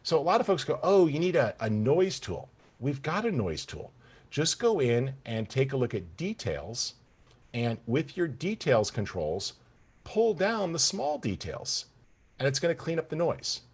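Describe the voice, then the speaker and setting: A man teaching photo-editing software in an enthusiastic, conversational tutorial, talking straight to the viewers. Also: medium pitch, very animated, measured pace, husky. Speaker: software instructor. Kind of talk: screen-recorded software tutorial.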